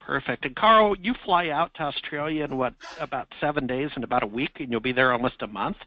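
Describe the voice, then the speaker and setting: A man's voice: medium pitch, a little fast, no room sound, lo-fi sound. A man hosting a live webinar, talking in an enthusiastic, rambling, folksy way. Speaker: webinar host.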